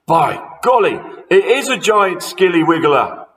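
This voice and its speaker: A man voicing a mean, scheming old husband from a children's story, loud and teasing. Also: fairly high pitch, sing-song, unhurried, distant mic, pitched above the performer's own voice. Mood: mocking.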